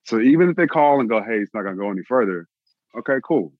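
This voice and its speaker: A man from Austin, Texas, an actor telling his own story in an interview, animated and repeating phrases for emphasis. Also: medium pitch, fast, no echo, phone-quality sound. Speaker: actor, guest.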